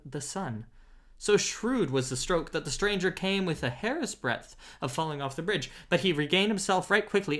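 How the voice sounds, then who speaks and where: A man reading an old adventure tale aloud in a steady, measured storybook narration. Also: fairly high pitch. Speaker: audiobook reader.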